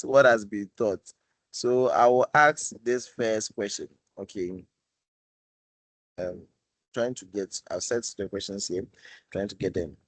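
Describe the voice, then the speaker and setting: A male instructor leads a live online coding class, often stopping to repeat himself while coaxing and teasing his students. His voice sits at an ordinary middle pitch. The sound is dry and close, with no room echo. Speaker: programming instructor.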